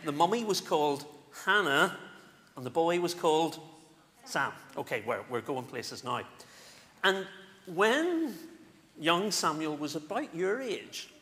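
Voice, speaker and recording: A male minister with a Northern Irish accent, giving an animated, playful children's talk in a church service. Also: a little high, a little slow. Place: church sanctuary. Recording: echoey church with faint room noise.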